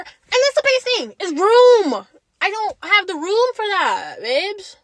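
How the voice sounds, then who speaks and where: Young woman podcast host, high and very animated, sassy, casual rant, dry close sound. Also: normal speed, dry recording. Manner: animated, sassy, calls listeners babes.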